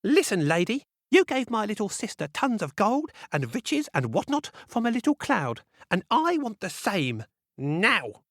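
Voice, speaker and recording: A man's voice: high voice, sing-song, measured pace, dry recording, studio quality, voice pushed up, full character voice. A man doing a bratty, jealous mean girl. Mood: greedy. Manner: sneering and bratty. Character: mean, bad-tempered jealous girl, greedy and rude.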